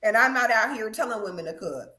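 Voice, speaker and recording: Bright-toned woman host, brushes off challenges, roomy echo around her. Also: a little high, expressive, fast. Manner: dismissive, defiant. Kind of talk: live online chat show.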